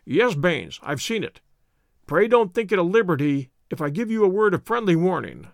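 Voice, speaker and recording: A man voicing a keen, brisk male detective, speaking in a crisp, earnest, measured way. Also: sits high, sing-song, no room sound, studio quality, heavily acted. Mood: earnest, wary.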